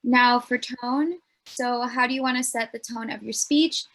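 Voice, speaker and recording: A woman's voice: fairly high pitch, steady tone, fairly quick, a bit bright. A young woman presenting a student speech workshop in an earnest, explanatory way, with frequent ums.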